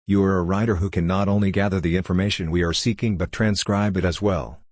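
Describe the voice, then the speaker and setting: A man's voice: sits low, fairly even intonation, fast talker, a little mellow, dry recording, studio quality. A man reading the lines of a young male doctor who lectures in a matter-of-fact way. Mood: lecturing.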